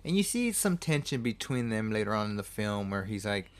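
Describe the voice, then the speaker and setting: A man's voice: fairly low pitch, very animated, brisk. A man casually recapping a film plot, rambling, swearing freely and often correcting himself. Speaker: movie reviewer.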